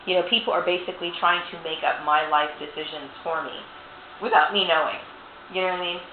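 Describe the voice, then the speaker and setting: A woman's voice: lowish voice, fairly even intonation, quick pace. A woman ranting indignantly to camera, swearing and repeating "you know" as she airs her grievances. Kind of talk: angry personal rant to camera. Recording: tinny phone-like sound, echoey room, faint hiss.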